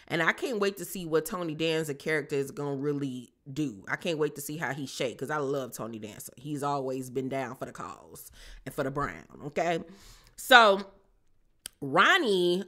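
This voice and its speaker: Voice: mid-range voice, sharp tone. A channel host giving a casual recap of a TV episode, sassy and full of slang, with frequent asides to viewers.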